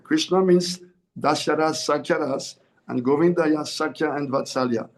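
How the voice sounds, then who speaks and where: Earnest swami man, fairly high voice. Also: normal speed, a little mellow. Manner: earnest, repeats and corrects himself mid-phrase. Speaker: swami giving a spiritual discourse. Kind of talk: sermon.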